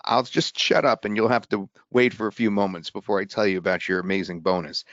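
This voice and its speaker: Excitable man hosting a sales webinar. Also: on the low side, fairly quick, dry recording. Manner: excitable, rambling, with restarts. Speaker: webinar host. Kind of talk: live sales webinar pitch. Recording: dull webinar audio.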